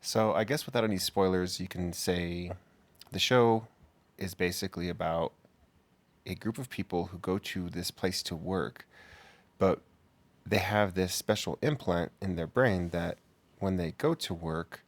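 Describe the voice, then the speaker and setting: A man's voice: low-pitched, unhurried. A man co-hosting a podcast at home, laid-back in casual chat. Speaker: podcast co-host.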